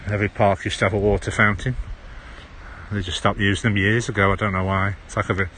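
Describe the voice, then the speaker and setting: A man's voice: lowish voice, flat delivery, quick pace, pushed and bright, a little hiss or hum. A man with a Stoke-on-Trent accent chatting casually while walking through an outdoor park on a phone livestream, dropping his H's. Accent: Stoke-on-Trent (Potteries). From Stoke-on-Trent, England. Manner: rambling, chatty, drops H's. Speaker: livestream host. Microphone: handheld phone.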